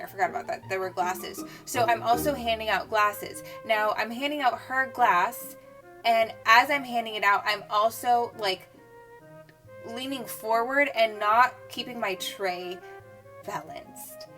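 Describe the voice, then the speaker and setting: A woman's voice: fairly high pitch, a bit bright. A young adult woman vlogging, casually retelling a story with lots of "like" fillers. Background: faint music.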